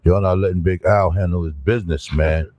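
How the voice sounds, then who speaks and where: A man's voice: low-pitched, fairly even intonation, darkish tone. A man co-hosting a radio show, teasing the host in laid-back banter. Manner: teasing, drawn-out "man" at line ends.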